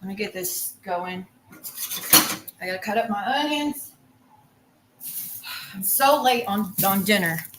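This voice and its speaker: A woman's voice: medium pitch, expressive, a little slow, pauses often, background noise. A woman on a livestream, ranting in a heated, profane and rambling way while cooking in her kitchen. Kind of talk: angry livestream rant.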